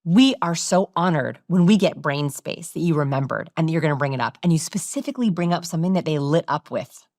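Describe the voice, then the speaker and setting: A woman with a fairly low voice speaks as a podcast guest. She explains her points clearly and slips into demonstration voices to show what she means. The sound is dry and close. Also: expressive, fast, hardly any pauses, darkish tone, no room sound. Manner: demonstrative, acts out example voices. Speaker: guest expert. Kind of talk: podcast interview.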